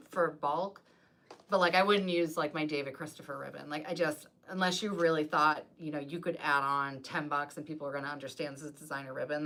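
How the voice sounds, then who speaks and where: A rambling, chatty woman speaks on a casual live stream about her craft business. Her voice sits a little low for a woman but comes out bright and forceful. She strings her thoughts together loosely and leans on "like" throughout. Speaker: wreath designer and business coach.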